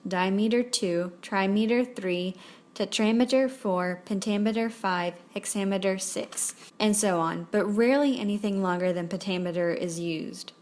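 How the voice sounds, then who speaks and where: A woman narrating a scripted lesson on poetry, reading examples aloud slowly. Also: medium pitch, a little mellow.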